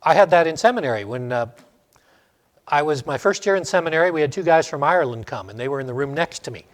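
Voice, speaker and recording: A man's voice: fairly high pitch, animated, fast talker. A middle-aged man teaching a Sunday school class, asking the class questions and telling stories. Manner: storytelling, asks the class questions.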